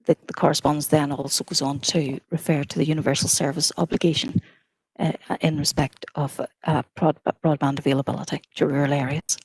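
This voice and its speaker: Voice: mid-range voice, gravelly, husky, dry recording, rough recording. A council officer formally summarising correspondence at a meeting. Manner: measured, formal, flat delivery.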